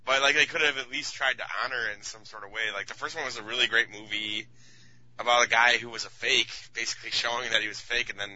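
A man's voice: medium pitch, steady tone, fast talker, bright, forceful tone, rough recording. A man co-hosting a casual podcast chat, talking in an enthusiastic, slangy way. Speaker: podcast co-host.

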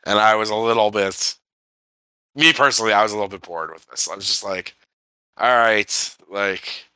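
Casting: lower-pitched man, sharp forceful tone, rambling casual podcast co-host. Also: fast talker, no echo. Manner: rambling, heavy on filler words like "like" and "um". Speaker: podcast co-host reviewing a film. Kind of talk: casual chat.

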